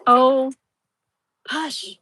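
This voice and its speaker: A woman's voice: high-pitched, drawn-out words, sharp tone, slight background noise. A woman hosting a live tarot reading, chatting casually and leaning on "like" and "you know", with a soothing tone toward the viewer.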